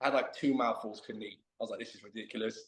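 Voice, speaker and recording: A man's voice: on the low side, steady tone, very fast, echoey room. A man telling a long, self-mocking story in casual chat as a guest on a video call.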